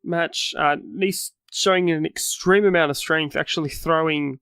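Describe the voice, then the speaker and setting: Higher-voiced Australian guy, dry sound. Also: fairly even intonation, a little slow, creaky, a bit bright, smooth, no room sound. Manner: rambling, corrects himself mid-sentence. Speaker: podcast co-host. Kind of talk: casual wrestling recap chat.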